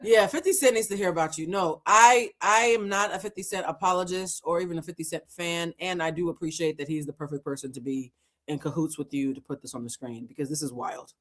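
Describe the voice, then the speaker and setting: A woman commentating and reacting to a story video with quick joking asides. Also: low-pitched, steady tone, fairly bright tone.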